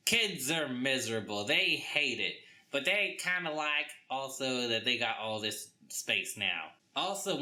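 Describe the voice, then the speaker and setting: Young adult man, southern US accent, comic ranting book review, very bright, tense voice, swooping pitch. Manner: exasperated, acts out characters in quick voices.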